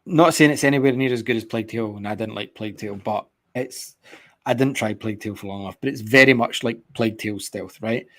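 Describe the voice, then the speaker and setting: A man's voice: on the low side, fast talker. A man, co-hosting a casual chat about video games, rambling and swearing as he tells stories. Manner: rambling, profane, animated storytelling. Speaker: podcast co-host.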